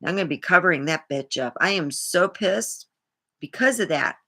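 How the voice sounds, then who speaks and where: A woman's voice: lowish voice, animated, normal speed, pushed and bright. A woman vlogger talking in a rambling, indignant way, swearing freely as she tells a personal story. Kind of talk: casual monologue to camera.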